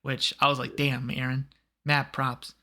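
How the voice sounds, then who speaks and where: A man co-hosting a casual podcast about an anime, talking in an animated, profane way and acting out characters' lines. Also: mid-range voice, unhurried. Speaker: podcast co-host.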